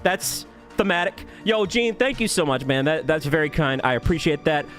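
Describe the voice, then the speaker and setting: A man streaming live, cheerfully greeting viewers by name and thanking them with quick laughs. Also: fairly high pitch, soft background music. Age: adult. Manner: upbeat, rapid shout-outs with laughs. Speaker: YouTube streamer.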